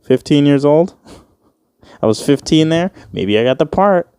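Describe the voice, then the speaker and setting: Speaking a little slowly but with animation, a man in his twenties runs a casual one-man podcast full of rambling, jokes, profanity and acted-out quotes. His slightly high voice is clear, resonant and a bit mellow. No echo is present, and the studio sound is clean.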